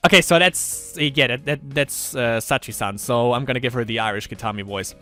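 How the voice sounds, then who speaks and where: A man's voice: mid-range voice, a little fast, hardly any pauses, bright, forceful tone, soft background music. A man doing casual let's-play commentary, reading a visual novel aloud with rambling asides and frequent laughter.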